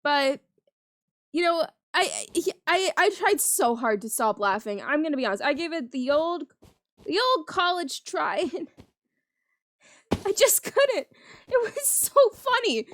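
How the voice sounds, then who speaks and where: High-voiced giggly young woman storyteller. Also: animated, moderate pace, a bit bright, no room sound, studio quality. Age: young adult. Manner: giggly, laughs often mid-sentence; chatty, rambling with restarts. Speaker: gaming channel host. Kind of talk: casual storytelling over gameplay commentary.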